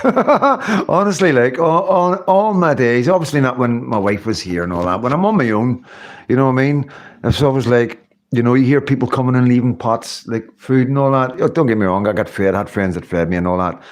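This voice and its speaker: A man's voice: mid-range voice, expressive, brisk. A middle-aged man hosting a casual livestream, chatting in a rambling way and laughing often. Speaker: livestream host. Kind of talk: casual live-stream chat.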